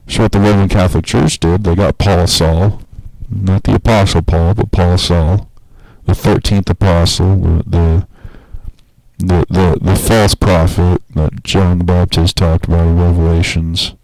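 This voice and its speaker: A man's voice: sits low, unhurried, gravelly, dry recording, poor audio. Man ranting profanely on a podcast. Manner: profane, rambling, animated storytelling. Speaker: podcast host. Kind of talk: casual podcast monologue.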